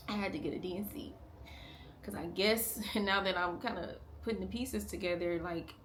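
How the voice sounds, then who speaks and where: Halting, emotional young woman vlogger. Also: lowish voice, slight background noise. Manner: halting, full of "like" fillers and restarts; emotional, at times hushed and strained. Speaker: family vlogger. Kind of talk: candid confessional vlog talk.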